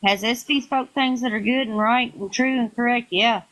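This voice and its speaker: A woman hosting a live stream, answering accusations in a calm, measured way. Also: fairly high pitch, low-quality recording.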